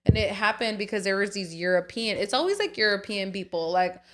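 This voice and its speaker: A young woman co-hosting a podcast in casual chat, explaining and retelling events in a measured way. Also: mid-range voice, expressive, fairly bright tone. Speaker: podcast co-host.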